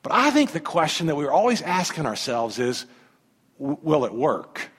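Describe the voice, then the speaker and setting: A male pastor preaching a sermon, animated, swinging from hushed lines to loud ones. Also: fairly high pitch, moderate pace, husky. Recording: long hall reverb.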